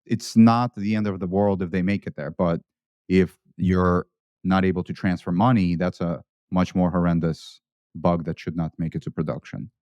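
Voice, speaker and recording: A man's voice: sits low, fairly even intonation, moderate pace, a little mellow, no echo, dull audio. A man co-hosting a panel discussion, arguing a point with firm opinions.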